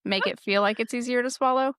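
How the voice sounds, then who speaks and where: A woman's voice: a little high, fast, fairly bright tone, no room sound, clean studio sound. A young woman co-hosting a podcast, chatting candidly and rambling with lots of fillers. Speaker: podcast co-host. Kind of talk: casual chat.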